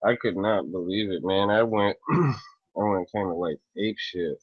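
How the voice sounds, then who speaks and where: A man rants at length and swears freely, clearing his throat as he goes. His voice sits low and his delivery drags slowly. The sound is dull and lo-fi, with a dry, close feel. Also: no echo. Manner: profane, rambling, with frequent throat clearing. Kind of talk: casual angry rant to camera.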